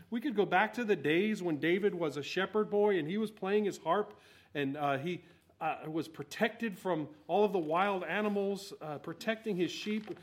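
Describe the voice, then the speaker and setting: Male pastor, sermon delivery, emphatic, fairly high voice, dynamic. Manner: emphatic, swings between loud exhortation and quiet asides.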